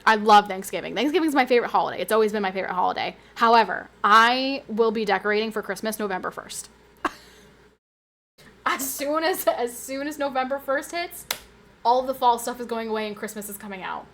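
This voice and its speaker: Giggly, animated woman streamer with a high voice. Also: fairly quick. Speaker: livestreamer. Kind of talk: casual livestream chat, reading chat aloud.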